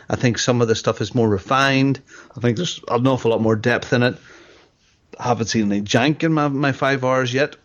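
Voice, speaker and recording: A man chats casually about games, quizzing his friend and giving opinions with a dry edge. His voice is middle-pitched. The recording sounds dull and lo-fi. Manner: wry, opinionated, asks questions. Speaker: podcast co-host. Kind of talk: casual gaming chat. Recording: dull lo-fi audio.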